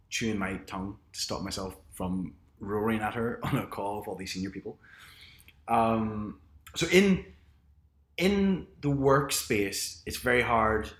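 A man with a somewhat low voice talks casually, offering frank advice and a story from his job, often restarting his sentences. The sound is roomy, with echo around him. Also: a bit bright. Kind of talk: casual chat.

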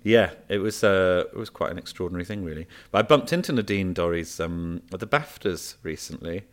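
A man, a comedian, chatting casually and telling animated anecdotes with frequent fillers and restarts. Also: deep voice, a little fast. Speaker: comedian guest. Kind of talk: casual chat, storytelling.

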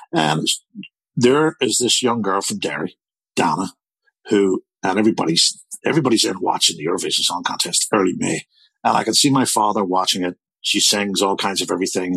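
A man's voice: fairly low pitch, vocal fry, fairly bright tone, husky, dry recording, rough recording. A man in his sixties with a Northern Irish accent, telling a long personal story as a guest, rambling and repeating words. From Belfast, Northern Ireland. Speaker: interviewee. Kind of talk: storytelling conversation.

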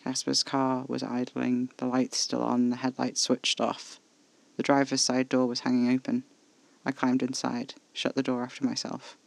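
A man reading scripted first-person horror narration in a measured, level way, close to the mic. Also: medium pitch, monotone, creaky, poor audio.

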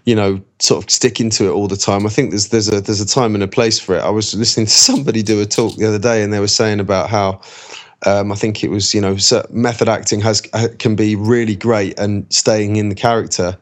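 A man's voice: lowish voice, steady tone, brisk. A man, an actor talking casually in an interview, rambling with many restarts. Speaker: actor guest.

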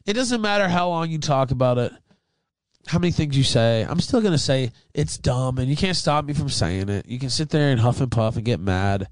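A young man hosting a podcast, telling stories in a petty, profane, animated way. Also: medium pitch, fairly quick, no room sound. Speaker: podcast host. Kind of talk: casual chat.

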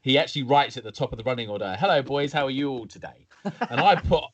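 A man co-hosting a podcast talks in giggly, mischievous banter. His voice is mid-pitched and relaxed. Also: fast, dull audio. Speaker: podcast co-host.

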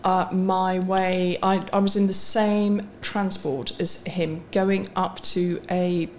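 A woman's voice: fairly low pitch, flat delivery, takes it slowly, a little mellow, a little hiss or hum. Frank, self-mocking woman guest. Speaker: guest, chief executive of a motorsport series. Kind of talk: casual podcast interview.

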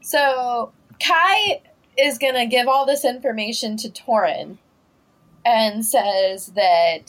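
A woman hosting a casual book podcast, animated and laughing often as she recaps chapters. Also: fairly high pitch, slow pace. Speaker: podcast host.

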